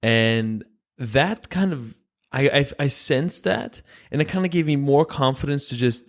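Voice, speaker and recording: A man's voice: medium pitch, a little slow. A man from Greece, a podcast guest telling a story in casual chat and acting out the voices of people he quotes.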